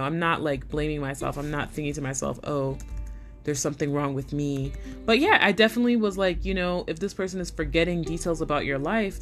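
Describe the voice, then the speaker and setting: Young female vlogger, lower pitch, chatty and expressive, faint background music. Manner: animated, swearing, acts out quoted voices. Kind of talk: casual storytime monologue.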